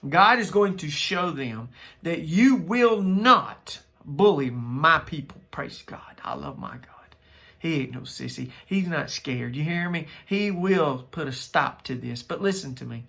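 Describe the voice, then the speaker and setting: A man's voice: on the high side, animated, slow, creaky, fairly bright tone. A man with a Southern US accent preaching an impassioned monologue, fervent and emphatic, driving points home by repeating phrases. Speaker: minister.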